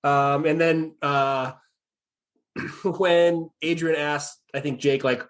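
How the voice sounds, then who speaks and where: A man's voice: fairly high pitch, steady tone, takes it slowly. A man hosting a podcast, leading the segments in an easygoing way and laughing along. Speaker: podcast host. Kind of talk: casual podcast chat.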